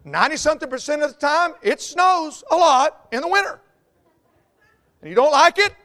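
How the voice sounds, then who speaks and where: A man with a Southern US accent, preaching a folksy, joking sermon as a pastor, swinging between quiet asides and loud outbursts. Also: very high-pitched, lively intonation, normal speed. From American South.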